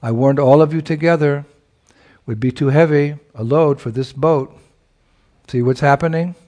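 Stern boatman, insistent and urgent, in a told sacred story, put on by a male preacher; deliberate delivery. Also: medium pitch, animated, vocal fry, darkish tone, slightly rough, heavily acted. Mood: warning. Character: stern male boatman warning passengers in a storm.

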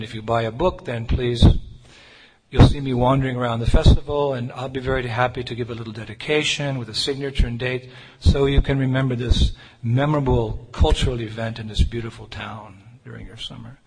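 Male preacher, earnest storyteller, mid-pitched voice, long reverb and faint hiss in the room. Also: fairly even intonation, brisk, a little mellow. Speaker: Hare Krishna preacher. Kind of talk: sermon with personal storytelling. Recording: reverberant hall with faint noise.

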